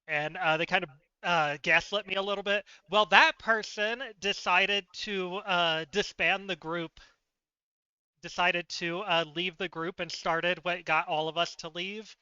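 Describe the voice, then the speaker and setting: A man with a high, smooth voice and a sharp, cutting edge talks through a story in a loose, animated way, full of fillers and laughs. He is recorded close and dry. The sound is a little dull. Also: unhurried, no room sound. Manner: chatty and animated, laughs often, many fillers. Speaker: livestreamer. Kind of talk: casual storytelling chat.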